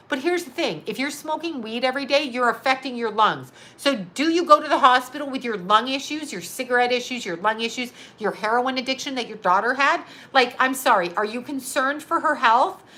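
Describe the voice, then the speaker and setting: Middle-aged woman ranting on her live show, kinda high and sharp, sarcastic, swears a lot. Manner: heated, sarcastic, swears freely. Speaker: psychic medium and live show host. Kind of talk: casual rant to a live audience.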